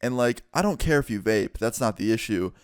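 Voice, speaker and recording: A young man casually telling a story, swearing often and retelling it in an animated way. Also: fairly low pitch, brisk, clean tone, no echo, studio quality. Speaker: vlogger. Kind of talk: storytime vlog.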